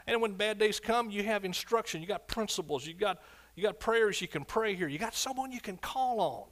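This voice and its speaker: A man's voice: animated, brisk. Fervent preacher man. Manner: fervent, swings from loud shouts to low asides. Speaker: pastor. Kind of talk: sermon.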